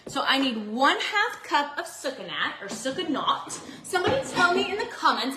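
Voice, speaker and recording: A bubbly woman chats her way through a recipe, her high voice bouncing all over the place. She sounds bright and animated, talking straight to her viewers. The sound rings a little in her home kitchen. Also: normal speed, roomy sound, noisy background. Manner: bubbly, chatty, talks to viewers. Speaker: cooking vlogger. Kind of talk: chatty cooking live stream.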